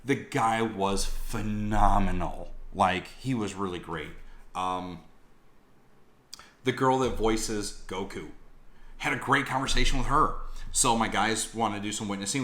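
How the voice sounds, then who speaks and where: A man's voice: lowish voice, measured pace, sharp tone. A man rambling through a casual vlog about a convention, full of fillers and asides. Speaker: vlogger reviewing a convention.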